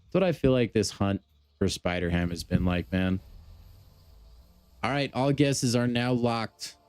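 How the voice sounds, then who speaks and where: A man's voice: medium pitch, expressive, a little slow, a little mellow, smooth, dry recording. A man chatting casually on a gaming live stream, joking and talking straight to his chat. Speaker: game streamer.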